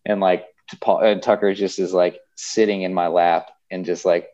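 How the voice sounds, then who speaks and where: A young man talks in a deep, low voice, circling back on himself with fillers and restarts as his feelings come through. He sounds openly emotional and unguarded. The recording is a little dull and muffled. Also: flat delivery, normal speed, a little mellow. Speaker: podcast guest. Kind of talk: casual chat.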